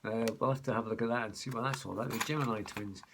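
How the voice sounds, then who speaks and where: A man's voice: mid-range voice, racing. A man chatting casually to his viewers in a rambling vlog, calling them folks. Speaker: vlogger. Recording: background noise.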